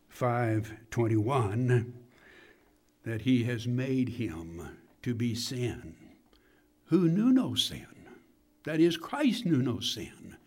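Male preacher, measured sermon delivery, unhurried, numbered points stressed. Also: mid-range voice. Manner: slow, deliberate preaching with emphatic rises on numbered points.

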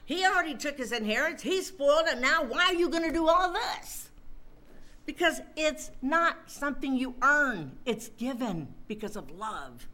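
A woman delivers a sermon in a slow, deliberate cadence and stretches key words for emphasis. Her voice is bright and on the high side, swinging widely in pitch. She often turns to her listeners with direct asides. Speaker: preacher.

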